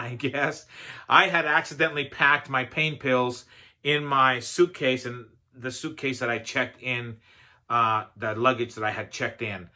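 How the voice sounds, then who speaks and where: A man speaking as a motivational speaker, telling a personal story in a loose, conversational way. His voice is bright and forward, set in a middle pitch, with plenty of "um" and "you know" and a self-deprecating humor. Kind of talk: storytelling talk.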